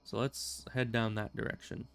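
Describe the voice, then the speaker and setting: Chatty streamer man, smooth voice. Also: medium pitch, flat delivery, normal speed. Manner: chatty, rambling, self-amused. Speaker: streamer playing a game. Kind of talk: casual gameplay commentary.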